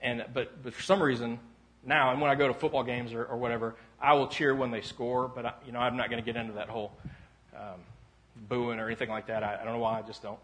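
A man pastor preaching a casual sermon in a church sanctuary, telling rambling self-deprecating stories that break into loud shouts. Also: mid-range voice, level tone, fast. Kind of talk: conversational sermon.

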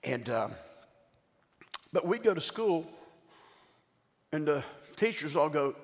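An older man preaches in a large church, his voice sitting a little high as he tells lively stories and calls out to the congregation. The long reverb of the hall trails after his words. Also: a little slow, long pauses. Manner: animated storytelling with call-outs to the congregation. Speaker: bishop and preacher. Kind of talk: sermon.

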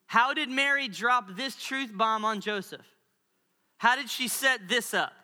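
A male pastor preaching a sermon with animated storytelling and playful asides. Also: very high voice, unhurried. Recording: long reverb of a large hall.

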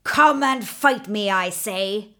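A woman voicing a menacing many-headed male dragon in a storybook, shouting taunting challenges. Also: medium pitch, takes it slowly.

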